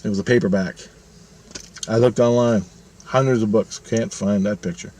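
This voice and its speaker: A man's voice: on the low side, steady tone, moderate pace, dark tone, slight background noise. A man in his fifties telling a personal story in a casual, rambling monologue, swearing freely and retelling it animatedly. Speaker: vlogger.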